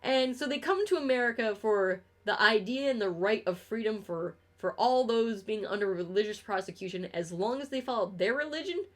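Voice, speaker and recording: A young woman chats casually while streaming a game, rambling, sarcastic, profane, and laughing often. Her mid-range voice is animated, moving at normal speed with hardly any pauses.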